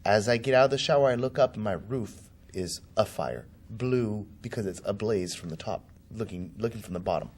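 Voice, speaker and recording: A man's voice: lowish voice, moderate pace, hardly any pauses, darkish tone. A man being interviewed as a political candidate, telling a personal story vividly and acting out the voices of the people in it. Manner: vivid, acts out quoted voices.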